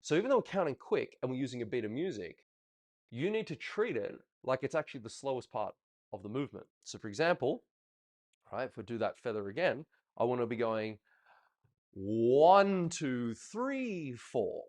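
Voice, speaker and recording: A man coaching a ballroom student over video, chatty and encouraging, counting steps out loud. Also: medium pitch, animated, brisk.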